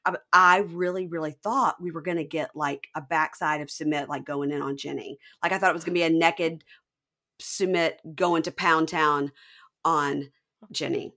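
Casting: woman podcast host, slightly low pitch, playful and animated. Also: normal speed. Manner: animated, jokey, does silly voices. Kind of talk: casual chat.

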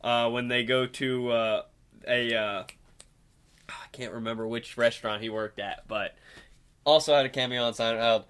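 In casual podcast chat, a Southern US man co-hosts, rambling and joking with plenty of fillers. His voice is medium-pitched, steady, smooth and slightly bright, delivered at a moderate pace.

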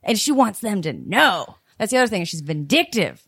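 A woman's voice: mid-range voice, big pitch swings, moderate pace, a bit bright, husky, dry recording, clean studio sound. A woman co-hosting a true crime podcast, talking bluntly and with plenty of profanity. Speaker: podcast co-host.

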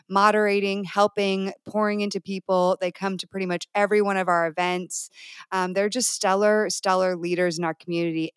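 A bubbly, enthusiastic woman hosting a group podcast, quick to cheer and laugh along with her guests. Her voice sits in an ordinary middle register, recorded close and dry with no room sound. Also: medium pitch, smooth, dry recording. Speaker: podcast host.

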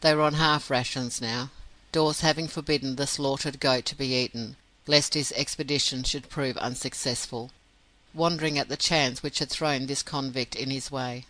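A man narrating an audiobook in a steady, measured reading. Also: medium pitch, rough recording. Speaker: audiobook reader.

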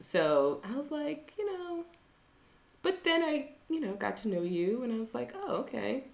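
A woman's voice: fairly high pitch, very animated, unhurried, gravelly. A young woman co-hosting a podcast in a casual chat, rambling with many fillers and frequent laughs. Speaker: podcast co-host.

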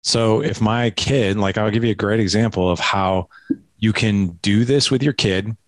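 A man guest on a podcast, telling parenting stories in an animated way and acting out talks with his kids, with a lot of "like" and "right?". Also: fairly low pitch, moderate pace, dry recording. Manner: animated storytelling, acts out dialogue with his kids; filler-heavy, frequent "like" and "right?". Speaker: podcast guest, dad coach. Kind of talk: conversational interview.

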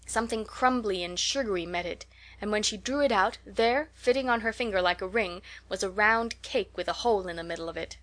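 A woman narrating an old children's book with a steady, gentle storytelling pace. Her voice sits in a middle register, neither high nor low, and she reads with calm clarity. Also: brisk. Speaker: audiobook reader. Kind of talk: scripted narration.

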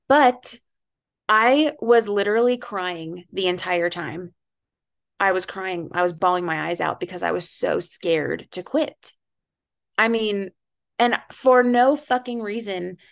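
A young woman co-hosting a podcast, telling a story in casual chat, animated, swearing freely and laughing at herself. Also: mid-range voice, slow pace, creaky. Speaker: podcast co-host.

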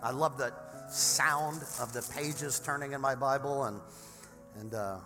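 A man preaching a sermon as pastor, hoarse from having lost his voice, with energetic delivery that climbs toward shouting. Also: medium pitch, measured pace. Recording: large hall reverb with faint music.

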